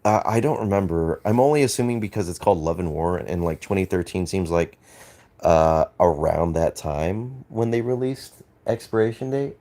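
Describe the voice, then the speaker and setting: A man's voice: deep voice, moderate pace, warm tone. An Australian man streaming, chatting casually with viewers in a rambling, hesitant way full of fillers and restarts, swearing and laughing easily. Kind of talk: casual live-stream chat, reading and answering chat.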